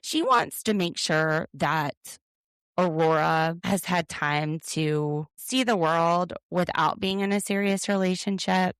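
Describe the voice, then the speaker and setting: A woman's voice: on the low side, slow, clean tone, no room sound, clean studio sound. A woman co-hosting a podcast, recapping a reality show in an opinionated, sarcastic way. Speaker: podcast co-host. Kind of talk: casual recap chat.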